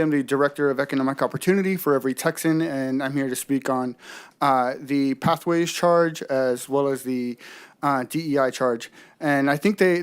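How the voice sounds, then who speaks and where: A man's voice: fairly high pitch, clean tone. A man testifying as a policy advocate at a legislative hearing, polite, with many fillers. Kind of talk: public testimony.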